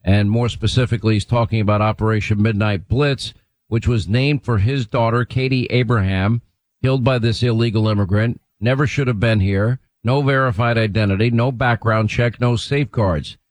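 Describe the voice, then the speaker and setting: A man hosting a radio talk show, speaking briskly and emphatically as he sets up his guest. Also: on the low side, steady tone, dry recording, rough recording. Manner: brisk, emphatic, reads quotes aloud.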